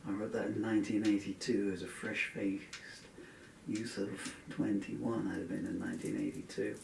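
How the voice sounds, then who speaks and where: A man's voice: on the low side, lively intonation, normal speed, vocal fry, slight background noise. A man, a singer-songwriter chatting casually between songs in a rambling, earnest way that trails off. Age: 60s. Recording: echoey room, distant dull lo-fi mic.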